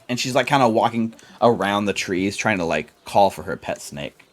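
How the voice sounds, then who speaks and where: A man's voice: lowish voice, expressive, moderate pace, hardly any pauses. A man narrating as game master, loose and chatty with lots of fillers.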